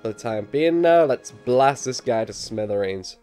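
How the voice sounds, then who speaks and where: A man with a Liverpool accent and a slight cold, giving excitable let's play commentary and yelping at his own mistakes. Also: a little slow, soft background music. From England. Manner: excitable, sudden high yelps at mistakes, self-mocking. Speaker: gamer.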